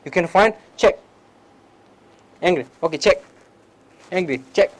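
A man with a high voice teaches meditation at a public talk. He speaks simple, broken English in short repeated phrases and often checks with his listeners. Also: a little slow, poor audio. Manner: questions the listeners directly.

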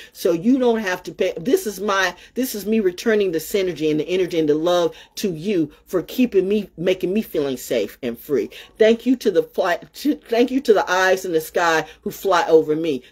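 A woman with a husky, slightly breathy voice hosts her own solo show. She rambles and repeats phrases, curses freely, and swings between loud outbursts and near-murmured asides. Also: lowish voice. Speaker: show host. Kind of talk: rambling solo livestream talk.

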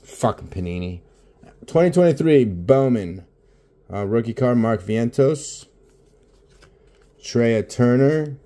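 A young man vlogs his baseball card pack openings from his home office, speaking casually, swearing constantly and mumbling, since he is sleep-deprived. His medium-pitched voice is dark and animated, slow, with long pauses.

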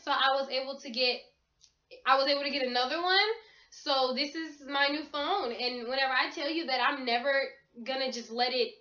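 A woman's voice: high voice, sharp tone. A young woman telling a story to camera in a vlog, emphatic and swearing freely. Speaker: vlogger. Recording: roomy, dull lo-fi sound.

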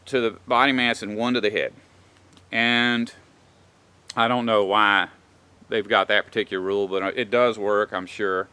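A man rants in a vlog monologue, rambling and indignant, often filling gaps with "you know." His voice is bright and edgy, and the recording is dry and close. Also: mid-range voice, no room sound. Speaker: vlogger. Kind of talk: opinionated monologue.

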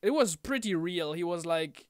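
A young man ranting casually about a wrestling event in a home vlog, animated and chatty, often slipping into impressions of the people he talks about. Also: high voice, normal speed, smooth, no room sound, clean studio sound. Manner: animated, mimics wrestlers in quotes. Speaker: wrestling fan vlogger.

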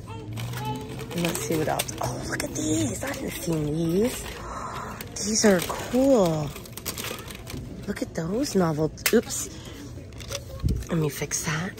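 Middle-aged woman vlogger, gushing and excitable, lowish voice, unhurried. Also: background noise. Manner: gushing, excitable, gasps and squeals. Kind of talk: shop-with-me vlog. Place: inside a store.

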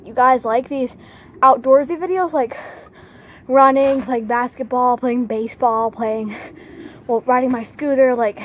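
Young woman, high voice, out of breath, casual vlog chat, faint outdoor ambience. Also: slight background noise. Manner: panting between runs, chatty to viewers. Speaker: vlogger. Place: outdoors at grandma's house.

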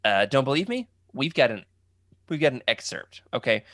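Animated man hosting a chatty podcast. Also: medium pitch, moderate pace, dry recording. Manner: animated, joking, reads out chat comments. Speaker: podcast host. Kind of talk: casual livestream podcast chat.

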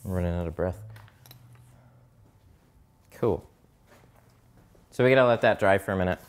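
A man's voice: low voice, moderate pace, smooth. A man who does mobile window tinting, chatting casually and swearing a bit on a live stream while he works and hunts for his tools. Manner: casual, profane, chatty, distracted while working. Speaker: mobile window tint installer.

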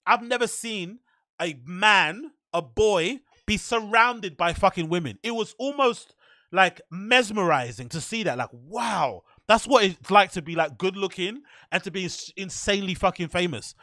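A man hosting a podcast, telling stories in a casual, profane, animated way and laughing often. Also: high-pitched, unhurried, dry recording, studio quality. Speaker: podcast host. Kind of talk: casual storytelling monologue.

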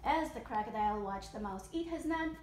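High-voiced mother reading a story aloud. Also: a little fast, a little hiss or hum. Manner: expressive, animated storytelling. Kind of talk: children's story read-aloud. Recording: echoey room.

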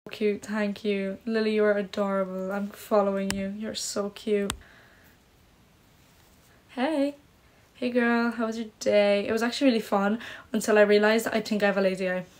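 A young woman born to Polish parents and living in Ireland chats casually on a phone livestream, recorded through the phone camera. She reads comments and frets self-consciously, saying "like" constantly, in a medium-pitched voice with fairly even intonation at a moderate pace.

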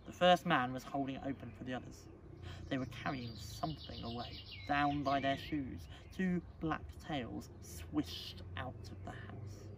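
A male teacher reading a storybook aloud at a school assembly, expressive and dramatic. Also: medium pitch, a little slow, creaky. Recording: distant mic, faint background noise.

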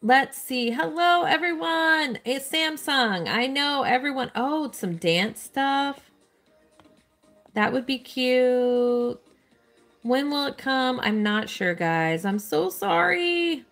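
A woman streams herself playing a game, reading her viewers' chat and answering them in an upbeat, chatty way. Her voice sits a little high. Soft music plays faintly behind her. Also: lively intonation, slow. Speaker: live-stream host playing a mobile game. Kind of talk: casual live-stream commentary.

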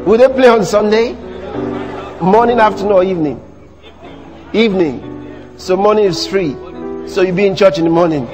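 High-voiced Nigerian preacher over music. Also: male voice, normal speed, long pauses, in a large hall. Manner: animated preaching, mocking asides to the congregation. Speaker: pastor. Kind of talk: sermon. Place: church. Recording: music playing behind the sermon.

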